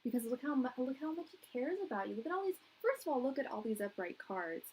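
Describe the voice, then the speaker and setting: A woman's voice: high voice, sing-song, fast talker, a little mellow, slight background noise, poor audio. A young woman giving a live-stream tarot reading, chatty and emotional, with frequent laughter. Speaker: tarot reader.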